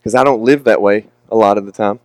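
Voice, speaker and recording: A man's voice: on the low side, fast talker, darkish tone, smooth, no room sound. A young man preaching a candid, emotional, confessional sermon with casual asides.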